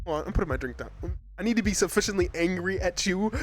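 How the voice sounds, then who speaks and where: A man's voice: high-pitched, animated, fast talker. A young man from Arizona chatting casually with his live chat as a streamer, rambling and laughing often.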